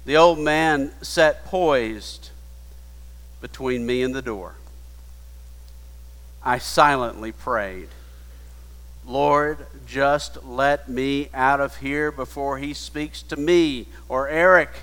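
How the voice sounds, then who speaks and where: A man preaching a sermon, retelling a story in a hushed voice that builds to emphatic appeals. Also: mid-range voice, slow, long pauses. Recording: long hall reverb.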